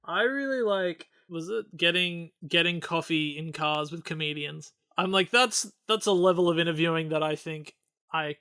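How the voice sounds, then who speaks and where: A man's voice: fairly high pitch, normal speed, pushed and bright, clear, resonant tone. A man in his twenties co-hosting a podcast, chatting casually in a sarcastic, mock-earnest way. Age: 20s. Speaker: podcast co-host. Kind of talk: casual chat, film review.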